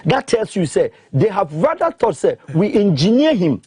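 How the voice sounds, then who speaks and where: A man with a Ghanaian accent, speaking emphatically in an animated discussion that mixes English and Twi, pressing his points with repeated questions. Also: high-pitched, moderate pace, slightly rough, dry recording, clean studio sound.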